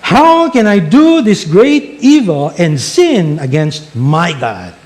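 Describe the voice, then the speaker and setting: A man voicing firm, high-pitched Joseph. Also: big pitch swings, slow, darkish tone, full character voice. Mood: resolute. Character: Joseph, firm young man refusing temptation.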